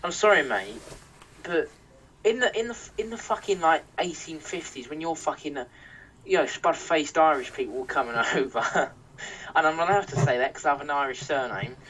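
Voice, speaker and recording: A man's voice: on the high side, lively intonation, normal speed, fairly bright tone. A young man from England ranting on a podcast, heated and sweary, full of restarts. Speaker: podcast host. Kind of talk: casual podcast rant. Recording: distant mic with faint noise.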